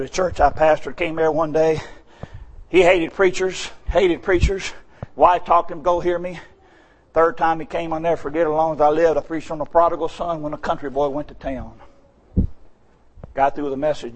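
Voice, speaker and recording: A middle-aged male pastor, preaching a sermon in a shouting cadence that drops to quiet storytelling. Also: fairly high pitch, little pitch movement, moderate pace.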